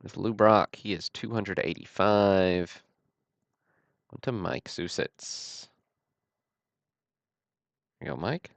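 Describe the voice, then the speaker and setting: A man hosting a livestream, calling out trading cards one after another in a steady, matter-of-fact way with dry self-deprecating asides. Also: low-pitched, slow pace, gravelly, long pauses, no room sound. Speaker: host of a card-break livestream.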